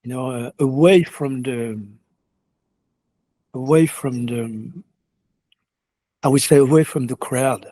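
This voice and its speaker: Soft-spoken halting yogi with a mellow voice. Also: male voice, mid-range voice. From France. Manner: halting, many restarts and fillers, earnest. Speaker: yoga teacher. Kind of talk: reflective interview answers.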